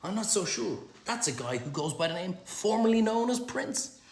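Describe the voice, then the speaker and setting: A man's voice: high-pitched, big pitch swings, moderate pace, voice pushed up. A man mimicking a flustered, stammering billionaire. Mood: sheepish. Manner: hesitant, stammering, sheepish. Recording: roomy echo.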